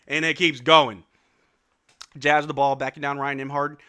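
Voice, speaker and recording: A young man hosting a live stream watch-along, giving excited fan play-by-play commentary and trash-talking players. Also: on the high side, normal speed, smooth. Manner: excitable, shouts and laughs at big plays, trash-talks players.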